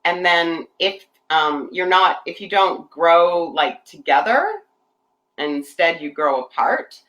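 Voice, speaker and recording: A woman's voice: on the low side, lively intonation, takes it slowly, fairly bright tone, poor audio. A woman co-hosting a casual chat, speaking reflectively with dry self-deprecating humor. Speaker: co-host.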